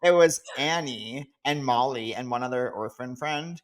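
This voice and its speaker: A man with an ordinary mid-pitched voice co-hosting a podcast. He rambles through anecdotes, full of fillers and restarts. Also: moderate pace. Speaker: podcast co-host. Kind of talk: casual chat.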